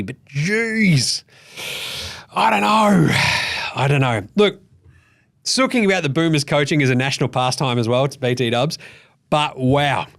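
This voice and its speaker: An Australian man hosting a basketball show, ranting in a profane, animated and exasperated way. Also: fairly high pitch. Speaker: basketball podcast host. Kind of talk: ranting casual commentary.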